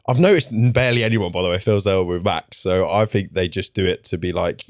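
A man with a lowish voice trading teasing banter with a friend on a podcast. He laughs easily and talks in a relaxed, casual way. The recording is close and dry. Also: a little fast, hardly any pauses, no echo. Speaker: podcast guest. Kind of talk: casual chat.

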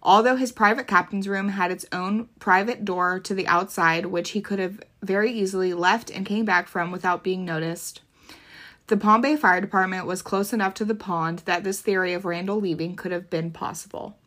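A woman's voice: medium pitch, fairly even intonation, normal speed, fairly bright tone. A young woman from Florida co-hosting a true crime podcast, chatting casually in a blunt, profane way and often laughing. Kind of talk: casual chat.

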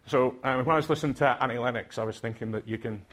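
Older Scottish man, husky, mid-pitched, hesitant conference speaker. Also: quick pace, fairly bright tone. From Aberdeen, Scotland. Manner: hesitant, many filler sounds and restarts. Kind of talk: reflective speech to a conference audience.

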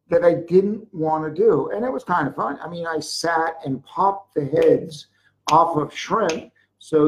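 An older speaker giving a motivational sales talk about a jewelry business, telling rambling stories with sudden loud bursts. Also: medium pitch, poor audio. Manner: mocks whiners in a put-on voice.

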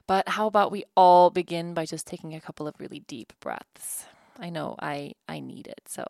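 Candid, laughing woman podcaster with gravelly voice. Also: lowish voice, moderate pace, darkish tone, no echo, studio quality. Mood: calm, guided. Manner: candid, laughing often, rambling with restarts. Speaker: podcast host. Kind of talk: casual solo podcast chat. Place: home.

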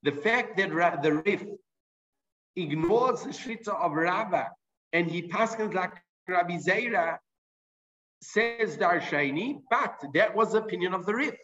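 A man with a high voice gives an explanatory Talmud lesson. He reads out the Hebrew and Aramaic phrases and then works through what they mean in English. The recording is dull and lo-fi. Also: lively intonation, a little slow, bright, forceful tone. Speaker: Talmud teacher.

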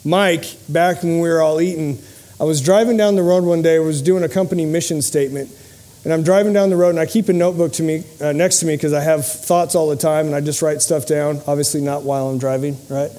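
Earnest, warm-voiced man giving a talk. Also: a little high, steady tone, fast. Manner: storytelling, humorous, earnest. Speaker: motivational speaker and podcast host. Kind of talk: motivational speech to a live audience. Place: in front of a live audience.

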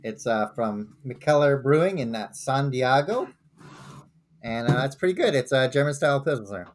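A man's voice: mid-range voice, animated, normal speed. Male co-host, laid-back and dry, casual delivery. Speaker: podcast co-host. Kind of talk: casual chat.

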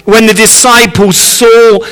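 Visiting male preacher, high bright voice, earnest, encouraging, echoing church. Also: steady tone, slow, clean tone. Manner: earnest and encouraging, repeats key phrases. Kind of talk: sermon. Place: church sanctuary. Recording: echoey church hall.

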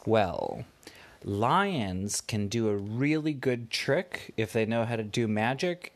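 A man voicing a big, soft-hearted magical lion in a bedtime story, speaking slowly and deliberately. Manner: slow, deliberate, lowered voice.

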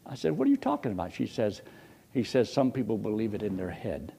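An older man, preaching a folksy storytelling sermon, his husky voice leaping high when excited and dropping low to quote others. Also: fairly quick, a little hiss or hum.

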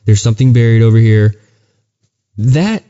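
Earnest man telling a faith story, dark voice. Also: mid-range voice, lively intonation, normal speed, lo-fi sound. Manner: earnest storytelling with many restarts. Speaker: podcast co-host. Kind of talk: casual chat and testimony.

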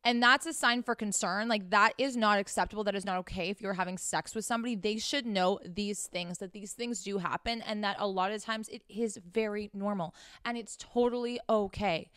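A young woman talks in a frank, casual monologue as host, blunt and full of swearing, addressing her listeners directly. Her voice is smooth and clear at a middle pitch, recorded close and dry with no room sound. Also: fairly even intonation, fairly quick, few pauses, a bit bright, dry recording. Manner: blunt and profane, talks straight to the audience.

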